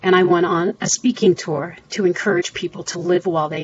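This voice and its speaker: A woman's voice: on the low side, fairly even intonation, fairly quick. A middle-aged woman, a guest on a podcast interview, telling her story earnestly and acting out quoted voices. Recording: slightly dull audio with faint hiss.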